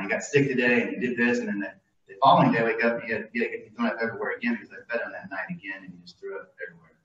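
A man's voice: on the low side, noisy background. A middle-aged man giving an informal devotional talk before communion, rambling and conversational with many fillers and restarts. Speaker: lay speaker leading communion. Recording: distant, muffled mic in an echoey room.

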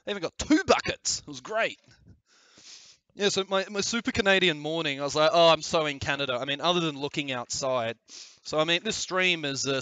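A man's voice: on the high side, sharp tone, dry recording, dull audio. A man with an Australian accent chatting on a live stream, rambling with lots of fillers and casual swearing. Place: aircraft hangar in winter.

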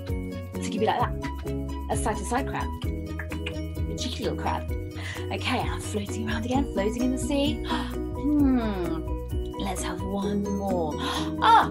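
Her voice sits a little high as she leads kids through fun movement games. This storyteller keeps things animated with excited exclamations and gasps.

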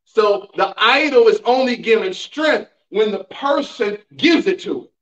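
A man's voice: high-pitched, lively intonation, a little slow, fairly bright tone. A man pastor teaching a Bible class, preaching emphatically with call-and-response and rhetorical questions to the congregation. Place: church sanctuary. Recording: roomy, dull sound from a distant mic.

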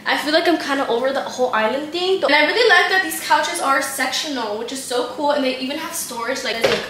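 Talking fast in a high voice, a vlogger shows off her home, gushing and dropping "like" all the time as she chats to the camera. The recording is indoors in the living room, with an echoey space, a distant, off-mic sound, and noise behind her.

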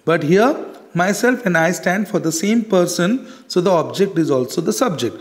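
A man's voice: high voice, expressive. A man teaching a grammar lesson, stressing example words and checking in with "correct?" again and again. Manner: repeats "correct?" and "got it?" often, stresses example words slowly.

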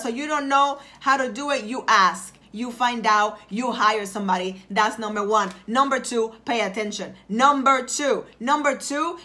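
A woman's voice: on the high side, sharp tone. A woman life coach giving a motivational livestream talk, greeting viewers by name and driving points home by repeating phrases in a preachy, emphatic way. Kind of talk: live-streamed motivational talk.

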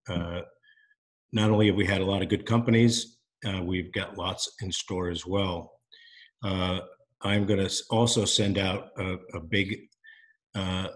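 Low-voiced man hosting a webinar. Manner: relaxed and halting, many fillers. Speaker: webinar host. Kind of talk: hosting a Zoom investor webinar.

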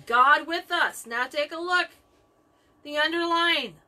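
A woman's voice: high-pitched, slow, bright, forceful tone. A woman leading a Bible study, teaching with emphatic repetition of key phrases.

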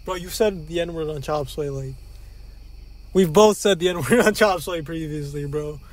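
Young man, podcast co-host, slightly high voice, laid-back, slangy, casual chat. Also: measured pace. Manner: laid-back, slangy, says bro a lot.

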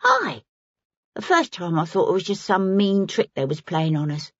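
A woman's voice: fairly low pitch, sing-song, slightly rough, no room sound, highs cut off. A woman narrator voicing a frightened, cheeky young street girl with brash slang, in an audiobook. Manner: brash, quick, working-class slang.

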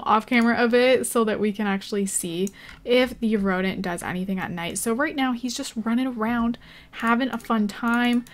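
A young woman hosting a gaming channel, giving casual, chatty gameplay commentary with gasps, giggles and lots of filler words. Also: fairly high pitch.

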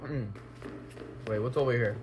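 A man's voice: mid-range voice, normal speed, a little hiss or hum, low-quality recording. A young man commentating a horror game let's play, talking to himself and exclaiming at scares. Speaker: gaming YouTuber.

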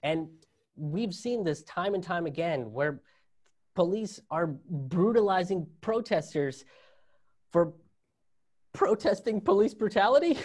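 A man's voice: fairly high pitch, lively intonation, slow pace, a little mellow. A man doing a stand-up comedy set, sarcastic and laughing at his own jokes.

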